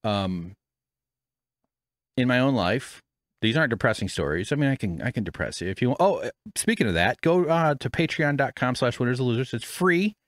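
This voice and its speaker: This man hosts a podcast from a home studio, wearing headphones and speaking into a studio microphone. His rambling, casual chat is self-deprecating and full of swearing, delivered a little fast in an expressive, medium-pitched voice on a dry recording.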